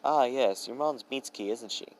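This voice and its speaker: A man's voice: medium pitch, moderate pace, darkish tone, slight background noise, lightly acted, poor audio. A man voicing a teasing ancient trickster god. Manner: teasing, pouty and breezy.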